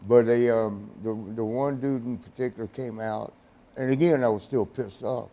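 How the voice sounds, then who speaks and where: This is a middle-aged man with a warm, relaxed timbre, recounting backstage tales in a studio interview. He rambles and restarts, curses casually, and laughs often. When he quotes others, he acts out their voices. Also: mid-range voice, moderate pace. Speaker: interview guest, former wrestler.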